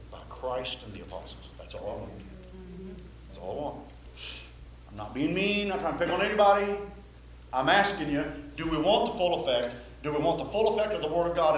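A man's voice: on the high side, slight background noise. A man preaching a sermon to a Baptist congregation, emphatic and repetitive, often asking the listeners questions. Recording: very echoey hall, faint ambience.

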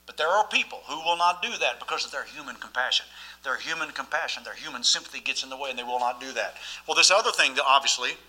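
A man's voice: mid-range voice, animated, fast, sharp tone, poor audio. A man preaching a sermon as pastor, emphatic and often asking the listeners questions.

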